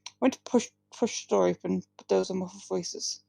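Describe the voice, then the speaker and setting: Woman reading her story aloud, gravelly. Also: medium pitch, steady tone, a little fast, warm tone, no room sound, poor audio. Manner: plain reading with slips and restarts, few distinct character voices. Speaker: author reading her own work. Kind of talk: live reading of first-person fiction.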